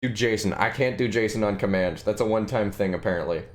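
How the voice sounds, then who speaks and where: A man's voice: fairly low pitch, quick pace. A man streaming a game live, chatting casually with viewers and rambling through their requests. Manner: rambling, answers chat requests, restarts sentences. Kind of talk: casual live-stream chat while gaming.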